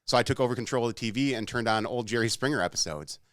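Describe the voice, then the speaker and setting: Animated man retelling a bar prank. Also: medium pitch, rapid-fire, no room sound, studio quality. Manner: animated storyteller, acts out quotes. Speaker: podcast co-host. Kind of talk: casual chat.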